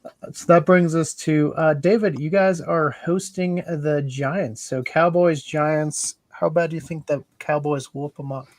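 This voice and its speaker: Man, sports podcast host, relaxed, slightly high voice, dry close sound. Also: measured pace, no echo. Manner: relaxed, moves the picks along. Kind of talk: casual sports chat.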